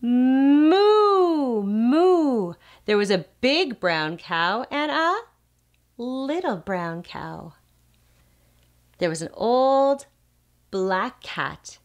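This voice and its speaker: A woman speech therapist reads a picture book aloud to toddlers. Her voice rises and falls in a lively, sing-song way, and she takes her time. She stops to ask the child questions and makes playful animal sounds. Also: mid-range voice, extremely slow, pauses often.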